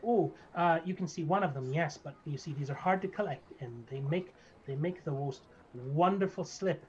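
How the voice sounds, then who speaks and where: A man's voice: on the high side, normal speed, darkish tone, close to an everyday voice. A man voicing a fussy little male gnome barber who rambles eagerly and a bit creepily. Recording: slightly dull lo-fi mic, faint noise.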